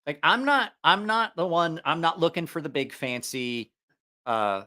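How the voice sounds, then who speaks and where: A slightly high, sharp voice with big pitch swings and an unhurried pace comes from a man with a slight Southeast Ohio accent. He hosts a casual livestream as a knife reviewer and channel host, rambling, chatting and self-correcting, on a studio mic with headphones on.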